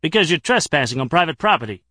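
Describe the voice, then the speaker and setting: A man's voice: on the high side, very animated, fast talker, bright, forceful tone, dry recording, clean studio sound, voice pushed up, full character voice. A man voicing a suspicious, self-important heavyset security guard who talks in a sullen, stubborn way. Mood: surly.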